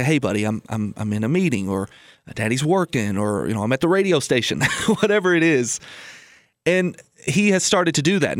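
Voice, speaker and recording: A man's voice: mid-range voice, dry recording. A man hosting his own finance radio show, speaking into a close studio mic with no room sound. He tells homey stories in an easy, chatty way and repeats his main points for emphasis. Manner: folksy storytelling, repeats key lines for emphasis. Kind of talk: casual radio talk about personal finance.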